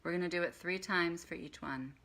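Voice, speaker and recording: A woman with a bright, forceful tone and a slightly low voice teaches a meditation lesson over a live stream on her phone. She talks in a loose, chatty way and guides slow breathing and chanting. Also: vocal fry, a little hiss or hum.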